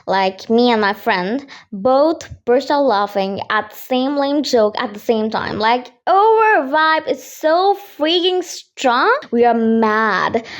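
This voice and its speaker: A woman with a high, bouncy voice that swoops up and down as she tells casual relatable stories. She is giggly and animated, dropping "like" into almost every sentence, and speaks close to a home mic. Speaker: storyteller. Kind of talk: casual storytime voice-over.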